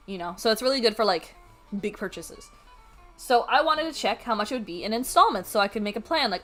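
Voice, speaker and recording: A woman streamer telling a story to her chat at home, animated, swearing freely and laughing as she goes. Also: mid-range voice, quick pace, faint music behind. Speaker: art streamer.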